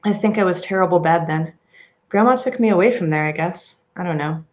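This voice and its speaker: A woman's voice: fairly low pitch, brisk, darkish tone, lightly acted. Woman reading as an eerie little girl. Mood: uneasy. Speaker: reader. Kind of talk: dramatic reading of a horror story.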